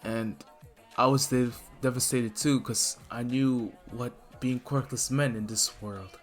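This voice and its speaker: A man voicing a secretive, emotional mother who talks in halting bursts. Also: mid-range voice, fairly even intonation, faint music behind, close to an everyday voice. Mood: explaining. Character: mother figure, woman, tearful and secretive.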